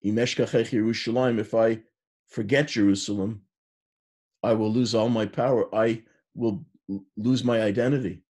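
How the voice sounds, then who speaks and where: An older rabbi in his sixties delivers a sermon and unhurriedly tells stories, with Hebrew terms mixed in. His voice is low, mellow and husky. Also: fairly even intonation, normal speed.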